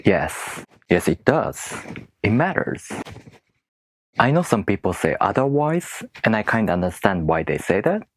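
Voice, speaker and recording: A man whose first language is not English, teaching in a video lesson with rhetorical questions and slow, careful demonstrations of word stress. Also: fairly low pitch, sing-song, no echo. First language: non-English speaker.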